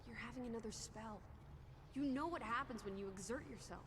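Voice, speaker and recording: A woman's voice: on the high side, background noise, lightly acted. An actress playing a bossy, teasing young woman companion in a video game. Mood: caring commanding. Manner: brisk and commanding.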